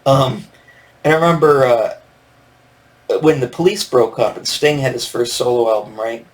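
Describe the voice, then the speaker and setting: At normal speed and medium pitch, with long pauses, a fifty-something Michigan man hosts his podcast. His nostalgic talk is casual, digressive and rambling, peppered with fillers.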